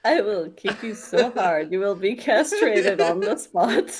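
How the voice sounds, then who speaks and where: A woman playing a tabletop game, answering loudly and jokingly. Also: mid-range voice, animated, unhurried, a crowd in the background. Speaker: player.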